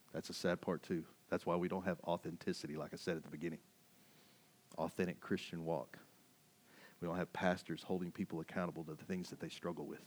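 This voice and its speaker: A man preaching a sermon as a pastor, emphatic and conversational, full of rhetorical questions. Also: low voice.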